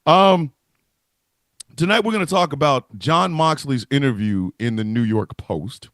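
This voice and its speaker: In a dry recording, a man with a mid-range voice speaks unhurriedly as he co-hosts a wrestling livestream over video call. He keeps the casual banter lively, joking and swearing freely.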